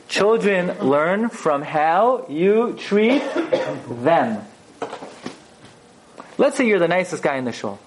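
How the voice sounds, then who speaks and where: A man teaching a Torah lesson in a sermon style, animated and acting out the quotes he tells. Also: fairly high pitch, slow pace, long pauses, slight background noise, rough recording. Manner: animated storyteller, acts out quotes. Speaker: rabbi teaching a Torah class.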